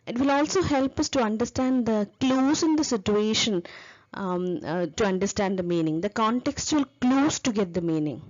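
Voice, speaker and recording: A woman's voice: medium pitch, lively intonation, normal speed, darkish tone, highs cut off. A woman giving a lecture on teaching English, explaining step by step and spelling out example words.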